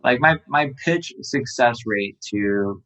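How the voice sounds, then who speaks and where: A startup founder talking casually in an interview, relaxed and rambling, with many fillers. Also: male voice, medium pitch, slow pace, rough recording. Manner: relaxed, filler-heavy, lots of "um" and "like".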